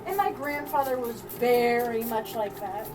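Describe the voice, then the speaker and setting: A woman's voice: fairly high pitch, unhurried, music in the background, poor audio. A woman hosting a live crafting stream, telling a family story in a casual, rambling way with frequent laughs and restarts.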